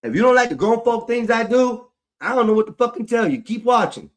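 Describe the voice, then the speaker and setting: A man's voice: very high-pitched, lively intonation, fairly quick. A man ranting angrily on a livestream, swearing heavily and repeating himself. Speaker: livestream host. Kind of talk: angry livestream rant.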